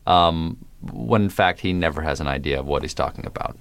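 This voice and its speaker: A man's voice: rumbling low, animated, fairly quick, creaky, no room sound. A man from the American South with no regional accent, a comedian talking wryly and with precise diction in a radio interview. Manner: wry, precise diction, playful. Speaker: guest, comedian.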